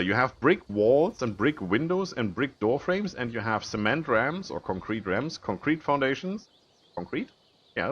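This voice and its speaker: A man's voice: mid-range voice, fairly bright tone. Rambling self-mocking man. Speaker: gaming video host. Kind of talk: casual let's-play commentary.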